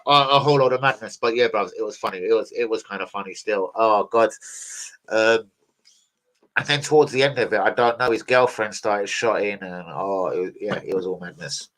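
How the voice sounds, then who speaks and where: A young man, hosting a football fan channel and ranting in casual, heavily sworn, animated commentary. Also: lowish voice, fairly quick. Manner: sweary, animated, keeps saying "bruv" and "do you know what I mean".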